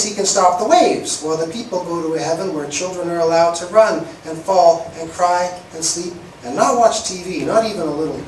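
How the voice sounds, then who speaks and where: Male spoken-word poet, wry and rhythmic, slightly raised pitch; distant mic, faint room hiss. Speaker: performance poet. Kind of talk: spoken-word poetry reading. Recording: echoey room, far from mic.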